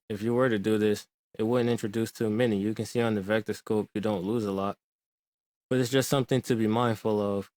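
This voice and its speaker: Calm low-voiced man explaining audio. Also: dry recording. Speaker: music production tutor. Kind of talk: screen-recorded tutorial.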